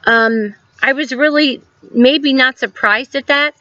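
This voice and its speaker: A woman in her fifties, a school guidance counselor giving a recorded lesson to students, telling a story gently with many ums and reflective questions. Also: high-pitched, slow pace, dry recording, highs cut off. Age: 50s.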